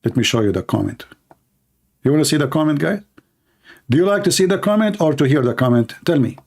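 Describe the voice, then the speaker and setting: A man's voice: a little high, expressive, fairly quick, gravelly, a little mellow, slightly rough. A man giving mocking live-stream commentary while reading viewer comments aloud, sarcastic and teasing. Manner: sarcastic, teasing, laughs at his own jokes.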